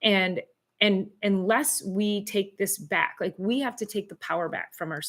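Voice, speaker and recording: A woman's voice: mid-range voice, a little slow. A middle-aged woman chiropractor hosting a casual live Q and A, chatty and rambling with fillers and restarts. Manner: animated, exclaims in disbelief. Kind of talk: casual live-stream chat.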